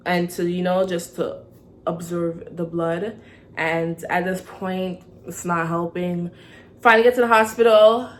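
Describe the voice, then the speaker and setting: A young woman tells a story to her vlog viewers in a lively way, often asking "okay?". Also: fairly low pitch, slight background noise. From Toronto, Canada. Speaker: vlogger.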